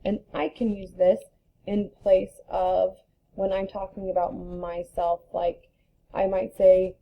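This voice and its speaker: A woman teacher talks to a class of young children at a very slow, careful pace. She spells out letters one by one and sounds out each word. The recording is slightly dull and lo-fi. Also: mid-range voice, little pitch movement. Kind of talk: slow, deliberate reading lesson for young children.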